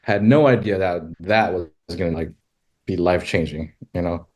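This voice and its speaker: Podcast guest, male, very low voice, casual storyteller who jumps into high exclamations. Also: normal speed. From California. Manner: animated, exclaims in high pitch when quoting himself. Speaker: guest, rodeo filmmaker.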